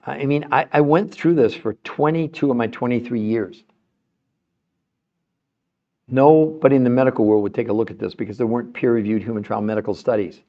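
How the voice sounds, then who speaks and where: A man's voice: mid-range voice, a little fast, muffled recording. A middle-aged man hosting a health show, talking passionately to viewers in a livestream and repeating himself as he argues a point. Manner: passionate, emphatic, argumentative; repeats words and restarts when fired up. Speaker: health show host answering viewer comments. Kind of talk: livestream talk.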